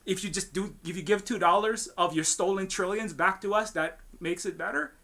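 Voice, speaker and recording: Pitched high with a fairly even intonation, he talks fairly quickly and sounds sharp. He's a game studio founder from Hawaii whose impassioned panel remarks turn into heated rants, with frequent swearing and restarted sentences.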